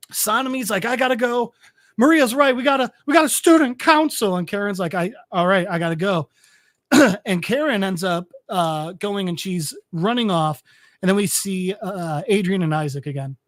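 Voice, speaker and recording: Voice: mid-range voice, no echo, studio quality. A podcast co-host casually retelling a comic story, full of fillers and swearing, and briefly acting out the characters' lines. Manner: rambling, filler-heavy storytelling with swearing and quick quoted voices.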